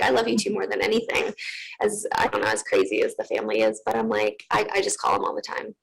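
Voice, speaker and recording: Earnest woman with a gravelly edge. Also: mid-range voice, poor audio. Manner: earnest, candid, many fillers and restarts. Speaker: guest. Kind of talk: personal story in an interview.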